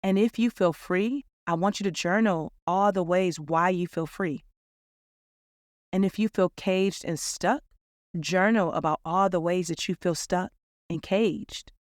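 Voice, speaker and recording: Woman podcast host, earnest and upbeat, smooth voice, dry close sound. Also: lowish voice, measured pace, dry recording. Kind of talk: reflective podcast monologue.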